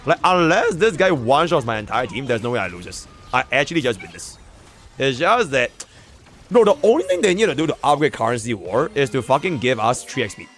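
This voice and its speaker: A man's voice: medium pitch, big pitch swings, a little fast, fairly bright tone. A young man with a Singaporean English accent doing casual, slangy, profane live commentary while playing a game and talking to his chat. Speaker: streamer.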